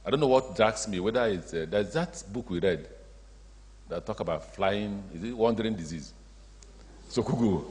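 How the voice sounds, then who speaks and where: A man's voice: on the low side, moderate pace. A man with a Nigerian accent giving a public speech as a state governor, telling stories and acting out the dialogue. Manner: storytelling, acts out dialogue, animated asides. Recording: long hall reverb.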